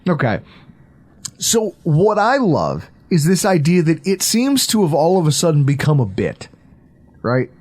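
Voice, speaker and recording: Excitable man hosting a football podcast. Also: a little high, measured pace. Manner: excitable, swearing, laughs a lot. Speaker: podcast host. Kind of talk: casual sports podcast chat.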